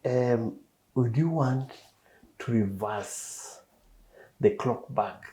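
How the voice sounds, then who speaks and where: A middle-aged man hosting a podcast interview, asking long, measured questions full of ums and uhs. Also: medium pitch, warm tone, poor audio. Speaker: podcast host.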